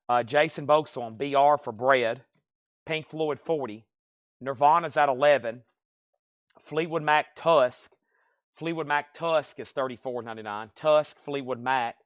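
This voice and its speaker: A man running a live-stream record sale, calling prices and bidders in brisk bursts with chatty asides. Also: mid-range voice, fairly bright tone, no echo. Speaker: live auction seller.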